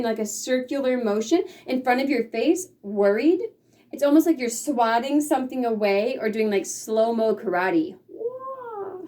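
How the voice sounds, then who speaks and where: A woman's voice: fairly high pitch, darkish tone, far from the mic. A woman teaching sign language in a patient, explanatory way, sometimes acting out the feelings she describes. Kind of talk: casual instruction.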